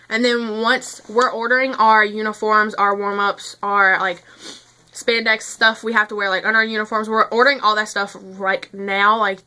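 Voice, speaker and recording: A woman's voice: medium pitch, bright, forceful tone. A teenage girl chatting casually to camera as a vlogger, rambling with lots of fillers and a little out of breath. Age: teens.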